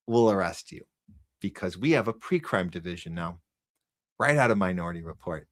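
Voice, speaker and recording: A man's voice: low voice, expressive, normal speed. A man hosting a live news commentary podcast, ranting sarcastically and talking to his chat audience. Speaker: podcast host.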